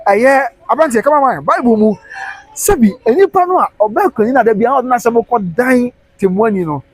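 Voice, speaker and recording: Fast-talking husky man. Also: sits high, rough recording. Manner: animated, preachy, mixes Twi and English. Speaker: live stream host. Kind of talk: live news commentary with preaching.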